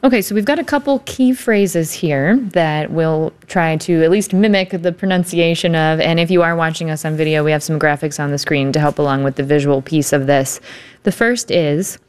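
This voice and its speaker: A woman's voice: sits low, moderate pace, a little mellow, clear, resonant tone. A woman hosting a broadcast interview in a studio, upbeat and guiding her guests along. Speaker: show host.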